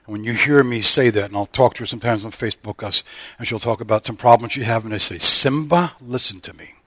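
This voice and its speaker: A man's voice: lowish voice, steady tone, fast, fairly bright tone, dry recording. A man who is a pastor, preaching a sermon and often asking the congregation if they hear him. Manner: preaching with call-and-response questions.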